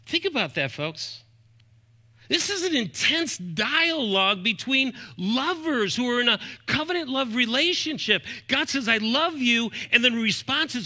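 Male pastor, fifties, sermon, bright ringing voice, fairly high pitch, emphatic with soft asides. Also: very animated, a little slow. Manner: emphatic preacher, rising and dropping to soft asides; often quotes scripture references aloud.

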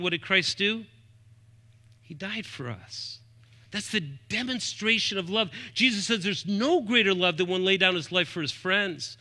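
Male pastor, fifties, sermon, bright ringing voice, fairly high pitch, emphatic with soft asides. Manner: emphatic preacher, rising and dropping to soft asides; often quotes scripture references aloud.

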